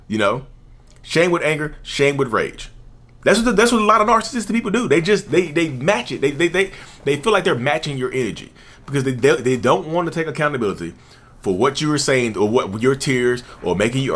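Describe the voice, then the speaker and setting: A man hosting his own channel, talking straight to the camera in a casual, emphatic way. He repeats his points over and over and chuckles now and then. His pitch swings lively through his sentences. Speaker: channel host, self-described narcissist. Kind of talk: casual talking-head commentary.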